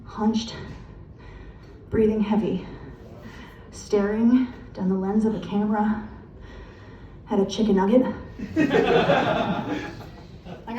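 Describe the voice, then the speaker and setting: A woman's voice: mid-range voice, measured pace, long pauses, warm tone, lo-fi sound. An American woman doing stand-up comedy, telling profane stories and acting out voices, recorded live in a comedy club. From United States. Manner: brash, profane storytelling with acted-out voices. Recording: echoey room, distant mic, faint noise.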